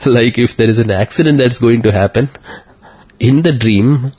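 A man from India telling a personal story as an interview guest, earnest and halting, with emotion close to the surface. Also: mid-range voice, slightly rough. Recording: muffled lo-fi recording.

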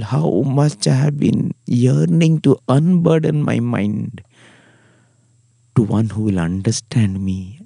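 A man's voice: lowish voice, dark tone, breathy edge, no room sound. A man voicing a tearful, yearning older saint, in an emotional, pleading manner.

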